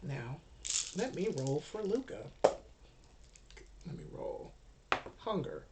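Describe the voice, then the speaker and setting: A woman's voice: low voice, very animated, extremely slow, very noisy. A woman running a live-streamed tabletop role-playing game as game master, narrating with sudden dramatic outbursts.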